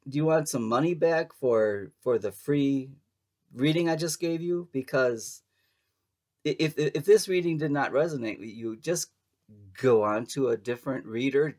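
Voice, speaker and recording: A man's voice: mid-range voice, a little mellow. A man giving a casual tarot reading to camera, chatty and playful, laughing often and making sassy asides. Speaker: tarot reader.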